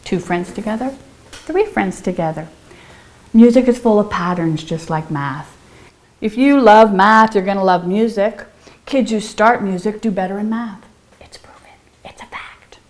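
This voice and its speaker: A middle-aged piano teacher gives a playful lesson at a moderate pace and medium pitch. She is bubbly and theatrical, chanting rhymes in a sing-song way and dropping into whispers.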